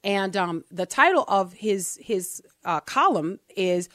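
A woman's voice: mid-range voice, animated, slow pace, a bit bright, dry recording, studio quality. A woman hosting a faith podcast, chatting casually and animatedly, often giggling while she reads aloud. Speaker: podcast host. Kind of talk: casual chat about faith.

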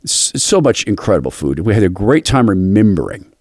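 Earnest man with a lively low voice. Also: brisk, no echo, studio quality. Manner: earnest, confessional storytelling. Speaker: radio host. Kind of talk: devotional radio talk.

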